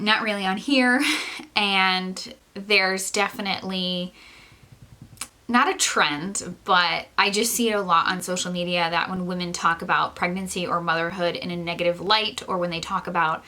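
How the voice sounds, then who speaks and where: A young woman chats candidly to her camera in a relaxed, filler-heavy way, breaking into little laughs. Her voice sits a touch low, yet its tone is bright and forward. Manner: candid, chatty, many fillers and soft laughs. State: pregnant. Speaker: vlogger. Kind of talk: casual chat to camera.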